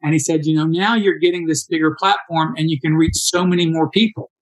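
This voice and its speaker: A man in his sixties telling stories in a casual interview, animated and acting out quoted dialogue. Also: a little high, a little fast, poor audio. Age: 60s. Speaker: interview guest, endurance athlete.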